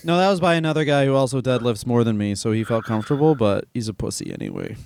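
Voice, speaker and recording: A man's voice: medium pitch, sing-song, quick pace, gravelly, a little mellow, slight background noise. A young adult man co-hosting a comedy podcast, grumbling and riffing with lots of swearing. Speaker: podcast co-host. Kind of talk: casual comedic chat.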